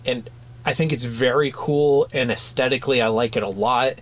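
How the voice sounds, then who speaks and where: With a steady tone, normal speed and middle pitch, this man talks conversationally as a podcast co-host. His sentences often break off and start again, padded with lots of fillers.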